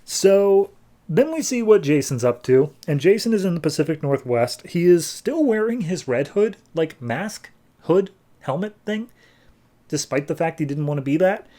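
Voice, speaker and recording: A man's voice: a little high, sing-song, moderate pace, dark tone. A man hosting a podcast who retells a comic plot in a rambling way, full of "like". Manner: rambling, filler-heavy retelling. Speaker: podcast host. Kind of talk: casual comic book recap.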